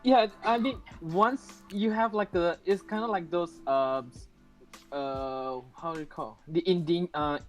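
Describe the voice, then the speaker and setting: A man from China co-hosting a casual live stream, explaining haltingly with many fillers. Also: on the high side. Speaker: stream co-host. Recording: faint music behind.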